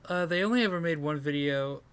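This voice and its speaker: A sleep-deprived man co-hosts a comedy podcast in a slightly high, smooth, clear voice. He rambles in self-deprecating asides and often breaks into laughter. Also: fairly quick, fairly bright tone. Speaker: podcast co-host. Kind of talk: casual comedic chat.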